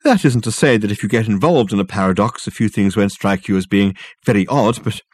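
A man voicing a lively, rambling older male professor explaining things in a chatty way. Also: fairly low pitch, a little fast, slightly rough, dry recording. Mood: animated.

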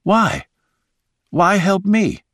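A man's voice: high-pitched, sing-song, drawn-out words, fairly bright tone, dry recording, studio quality, pitched above the performer's own voice, full character voice. A man voicing a guarded, intense Englishwoman. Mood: pleading. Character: adult woman, guarded and intense.

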